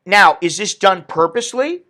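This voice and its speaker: A man's voice: high-pitched, animated, moderate pace, pushed and bright. A man hosting an opinionated commentary stream, ranting indignantly and reading viewer comments aloud. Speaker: political commentary host.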